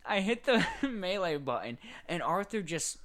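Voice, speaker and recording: A man co-hosting a casual podcast, telling animated gaming stories and acting out scenes. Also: sits high, unhurried. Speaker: podcast co-host. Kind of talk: casual chat.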